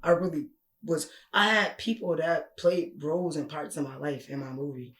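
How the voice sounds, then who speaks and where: A man's voice: on the high side, normal speed, fairly bright tone. Young man in an echoey room. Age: 20s. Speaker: guest rapper. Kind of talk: casual podcast chat.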